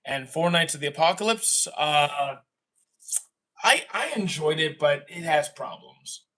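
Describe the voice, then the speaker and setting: Bright-voiced man answering chat, off-mic. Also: on the high side, lively intonation, unhurried, far from the mic. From Canada. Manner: rambling, self-correcting, exasperated asides. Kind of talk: casual live chat.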